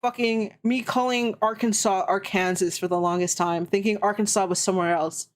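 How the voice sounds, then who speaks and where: A woman's voice: medium pitch, fairly even intonation, a little fast. A woman streaming, chatting casually and ranting with heavy swearing. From Canada. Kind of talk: casual chat.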